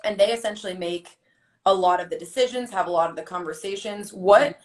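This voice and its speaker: A woman softball player chatting casually and asking friendly, curious questions. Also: mid-range voice, fairly quick, low-quality recording. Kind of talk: casual chat.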